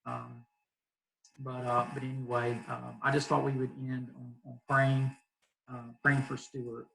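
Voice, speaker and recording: A youth pastor from Southeast Arkansas with a Southern accent, talking easygoingly on a video call, laughing often and leaning on fillers. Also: male voice, mid-range voice, monotone, unhurried, gravelly, over music, low-quality recording. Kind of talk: casual video call chat.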